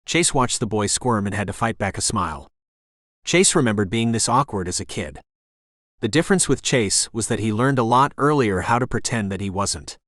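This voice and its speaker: A man narrating an audiobook in a measured, expressive scripted read. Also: fairly low pitch, no echo, studio quality.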